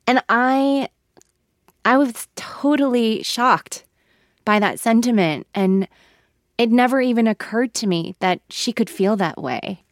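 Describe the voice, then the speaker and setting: A woman's voice: mid-range voice, slow pace, no room sound, studio quality. A woman guest in a radio interview, talking reflectively and getting emotional, often laughing between thoughts. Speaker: actress guest.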